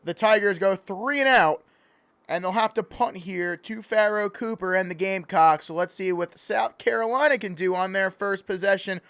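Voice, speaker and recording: A man's voice: sits high, normal speed, a bit bright, clear, resonant tone, dry recording. A man calling play-by-play in a joking mock sports broadcast, playful and easily sidetracked. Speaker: play-by-play commentator.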